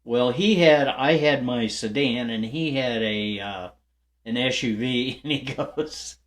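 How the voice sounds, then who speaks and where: A man's voice: medium pitch, takes it slowly. An older man who hosts a guitar channel, telling viewers a casual, rambling story full of fillers and restarts, with light laughs along the way.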